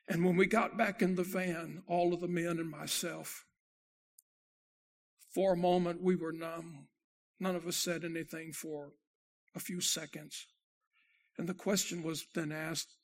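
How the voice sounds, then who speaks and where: A pastor giving a sermon with a gravelly, rough-edged voice that sits high for a man. He tells his story dramatically, rising loud, then dropping to a near hush. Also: flat delivery, unhurried, long pauses.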